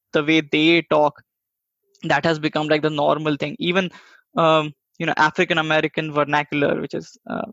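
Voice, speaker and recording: Podcast co-host, man from India, wry, gravelly, a bit higher voice. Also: a bit bright, no echo, muffled recording. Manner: wry, laughs while talking. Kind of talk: casual chat.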